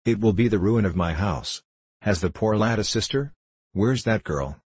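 A bossy innkeeper woman who scolds and frets over her house, as a male reader puts her on. The voice sits low and husky, recorded dry and close. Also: normal speed, darkish tone, dry recording. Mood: scolding. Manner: scolding, fussy, exclaiming. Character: bossy fussing innkeeper woman, middle-aged. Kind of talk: audiobook character voice.

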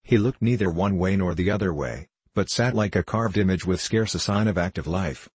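A man reading a classic novel aloud in first person, measured and earnest, with a husky voice. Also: low-pitched, darkish tone, dry recording. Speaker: audiobook narrator. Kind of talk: first-person literary narration.

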